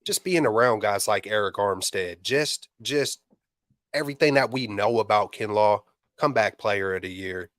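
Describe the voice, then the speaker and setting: A man's voice: fairly low pitch, normal speed, a bit bright, no echo. Slangy laid-back man, dry sound. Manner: loose, slangy, repeats himself. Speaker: podcast co-host. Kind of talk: casual sports chat.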